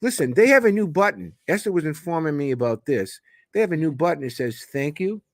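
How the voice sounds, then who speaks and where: A man's voice: fairly high pitch, fast, no echo, studio quality. A man in his seventies from Sicily, co-hosting a casual live stream and telling rambling, joking stories. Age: 70s. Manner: rambling, joking, animated storyteller. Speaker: co-host. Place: home in Sicily.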